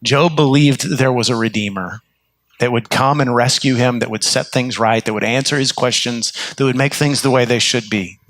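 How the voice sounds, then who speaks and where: A man's voice: mid-range voice, moderate pace, a bit bright, dry recording. A man preaching a sermon as pastor, telling stories earnestly and restarting his phrases often. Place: church sanctuary.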